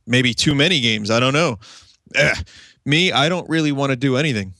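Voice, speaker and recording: A man's voice: mid-range voice, a little fast, bright, forceful tone, dry recording, clean studio sound. A man co-hosting a casual gaming podcast, laid-back, joking and profane, voice a bit strained. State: voice strained after a convention. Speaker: podcast co-host.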